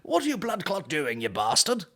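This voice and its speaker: A man's voice: fairly high pitch, wildly swooping pitch, voice pushed up, full character voice. A man putting on a brash West Indian drug dealer. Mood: aggressive. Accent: mock West Indian. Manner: loud, cursing, slow and drawn out.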